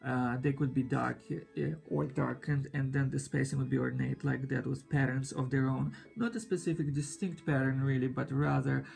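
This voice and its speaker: A man, the cameraman, joining the review and describing the design in a measured, wordy way. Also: mid-range voice, steady tone, gravelly, darkish tone. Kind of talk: casual chat.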